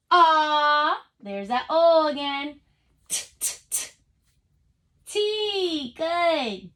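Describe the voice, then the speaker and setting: High-voiced woman teaching phonics slowly. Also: a bit bright. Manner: sounds out letters slowly and stretches vowels; upbeat, encouraging, speaks straight to the kids. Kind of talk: phonics lesson for young children over video call.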